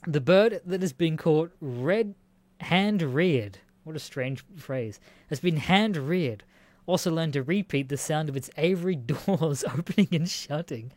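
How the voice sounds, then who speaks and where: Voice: medium pitch, animated, unhurried, a little mellow, no echo. A speaker reading out odd news stories and reacting with incredulous, laughing, swearing asides. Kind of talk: casual reaction commentary.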